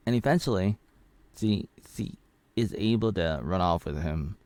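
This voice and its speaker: A man's voice: deep voice, animated, measured pace, a little mellow, no echo. A man casually recapping an old film, rambling and joking as he retells the plot. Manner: rambling, jokey retelling with acted-out quotes. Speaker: film reviewer.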